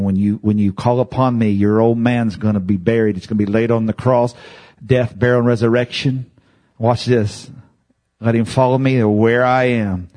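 A man preaching a sermon, impassioned, climbing loud and then dropping to hushed, whispered lines. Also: medium pitch.

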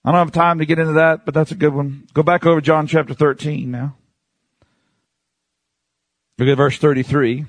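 This man delivers an expository Bible sermon conversationally, asking his listeners questions and moving between loud, high-pitched emphasis and quiet, low asides. Overall his tone stays level at a moderate pace, he pauses often, and there is no room sound.

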